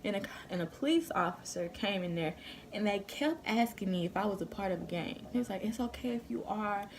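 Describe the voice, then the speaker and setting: Young woman, storytime vlog, slangy and profane, raspy edge, faint background noise. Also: medium pitch, expressive, a little fast. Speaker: vlogger.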